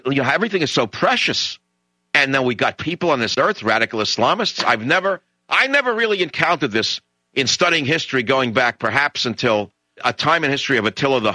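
A man's voice: medium pitch, pushed and bright, dry recording, poor audio. A middle-aged man delivering an emphatic, indignant talk radio monologue, lecturing his listeners and running through long lists.

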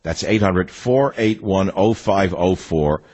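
A man's voice: low-pitched, takes it slowly, darkish tone, slightly rough, dull audio. An older man hosting a political talk radio show, reading an ad and then ranting in a combative, mocking way.

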